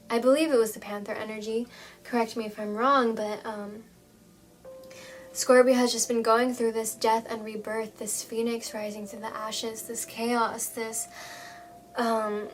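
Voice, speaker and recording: A woman reads tarot for her viewers in a gentle, reassuring way. Her voice sits a little high, and she pauses often and fills gaps with soft hesitations. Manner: gentle, reassuring, with frequent fillers. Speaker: tarot reader. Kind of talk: tarot reading monologue.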